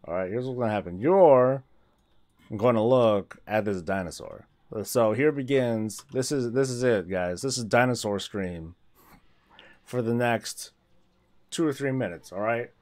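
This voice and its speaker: A man's voice: medium pitch, animated, slow pace, a little mellow. A man chatting casually on a gaming livestream, rambling, restarting his sentences and laughing often.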